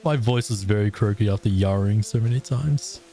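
A man streaming a roleplay game, chatting casually with friends, playful and quick to laugh. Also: on the low side, dark tone, faint music behind. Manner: laughing, playful, talks in a pirate growl. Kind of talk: casual gaming chat.

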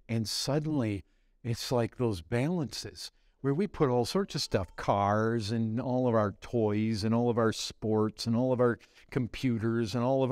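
A man preaching a sermon, swinging between loud exclamations and hushed low lines. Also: no echo, clean studio sound. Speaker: pastor.

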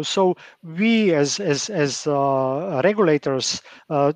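A man's voice: a little high, no room sound. A man on a policy panel who talks hesitantly, with many fillers and restarts. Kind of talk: panel discussion.

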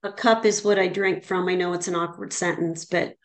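A woman's voice: fairly low pitch, fairly even intonation, a little fast. A woman student asking a question in class, hesitant and thinking aloud.

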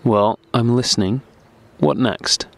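A man's voice: medium pitch, steady tone, takes it slowly, pitched above the performer's own voice. Man voicing a lightly mocking young wife.

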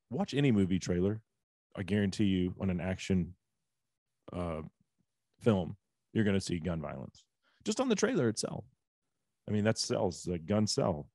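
A man's voice: deep voice, dark tone, no echo, studio quality. A man in his forties hosting a casual talk show, ranting bluntly with rhetorical questions. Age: 40s. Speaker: host. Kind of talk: casual podcast chat.

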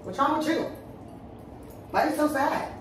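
A woman's voice: high voice, animated, measured pace, heavy reverb, far from the mic, slight background noise. A woman arguing with her boyfriend, blunt and scolding with heavy cursing. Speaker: girlfriend in prank video. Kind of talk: heated couple argument.

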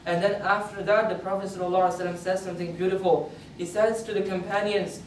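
A man's voice: high-pitched, flat delivery, quick pace, slight background noise. A man giving a Friday sermon as a story, in an earnest tone, repeating phrases and lifting his voice for quoted words. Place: mosque prayer hall. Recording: echoey hall, voice from a distance.

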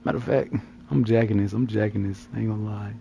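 A man's voice: on the low side, steady tone, fast talker, vocal fry, mellow, slight background noise. A man live-streaming a roleplay, trading flirty, joking banter and putting on a street accent now and then. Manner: slips into a put-on street accent.

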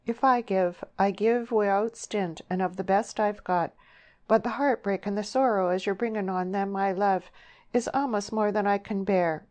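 A tender, proud young countrywoman with rustic dialect speech, pitched well above the reader's own low voice, as a woman reads her part. She pleads earnestly and sounds torn, with a lifted, brighter tone. Storybook audiobook delivery. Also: normal speed, close to an everyday voice.

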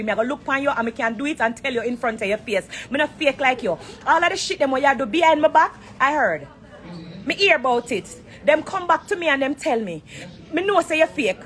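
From an airport corner, a woman with a Jamaican accent streams live on her phone, a dancehall artist in a blunt, heated rant. Her high, fairly bright voice sounds confrontational and profane.

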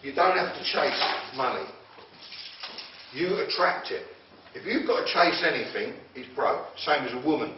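A man gives a chatty, emphatic motivational talk, often turning to the audience for agreement. His voice sits fairly high. He is caught from a distance on a dull, lo-fi recording in an echoey room with a faint hiss. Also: expressive, normal speed. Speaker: motivational speaker.

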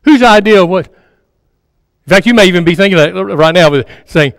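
A man's voice: high voice, lively intonation, normal speed, vocal fry, long pauses, no echo, clean studio sound, long reverb tail. A man preaching a sermon in a conversational way, repeating phrases for emphasis and sometimes dropping to a near-murmur. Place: church sanctuary.

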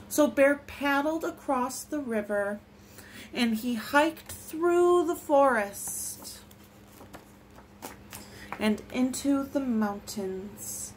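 Storytime reader, woman, high, slow and lilting, expressive. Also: slight background noise. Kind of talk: reading picture books aloud.

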